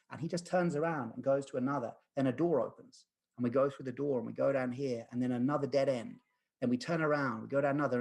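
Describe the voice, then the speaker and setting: Guest, male, 30s: husky voice, earnest and rambling storyteller. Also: medium pitch, darkish tone. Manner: earnest, rambling, many fillers and restarts. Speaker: guest, lucid dreaming practitioner. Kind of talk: podcast conversation, storytelling.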